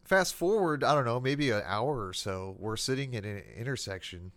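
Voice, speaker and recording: A man's voice: mid-range voice, moderate pace. A man, a police officer, telling a ride-along story in casual chat, often breaking into laughter. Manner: animated, laughs while telling stories.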